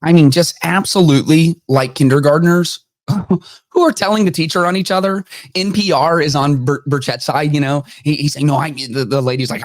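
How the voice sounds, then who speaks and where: A man's voice: on the high side, brisk, no echo. A man hosting a podcast, giving casual, mocking commentary and acting out the quotes he retells. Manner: animated, mocking, acts out quotes. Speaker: podcast host.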